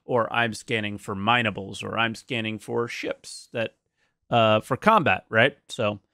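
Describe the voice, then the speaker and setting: A man's voice: medium pitch, sharp tone, no echo, clean studio sound. A man streaming his reaction to a video, thinking aloud in a casual way with frequent restarts. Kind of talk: casual live-stream commentary.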